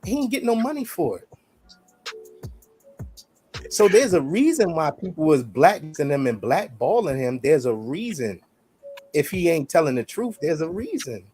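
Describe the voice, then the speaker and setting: A man's voice: fairly high pitch, big pitch swings, normal speed, long pauses, mellow, faint music behind. Emphatic man arguing a point. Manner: emphatic, repeats "you see what I'm saying". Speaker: podcast co-host. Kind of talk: heated casual debate.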